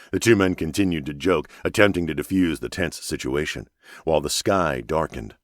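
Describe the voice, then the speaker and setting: Deep voiced guy narrating a thriller audiobook, measured, dry studio sound. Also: dry recording. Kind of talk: scripted narration.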